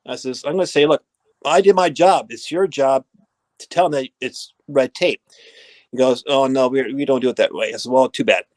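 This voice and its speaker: A middle-aged man, a former assistant equipment manager, telling lively anecdotes and acting out the dialogue. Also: mid-range voice, normal speed, no room sound. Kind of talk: storytelling in a podcast interview.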